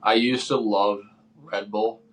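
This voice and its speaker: Low-ish voice, twenty-something dude co-hosting a pod, rambles and does the back-and-forth in his stories. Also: level tone, slow, fairly bright tone. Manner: rambling storyteller, acts out his own quoted lines. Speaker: podcast co-host. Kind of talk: casual chat.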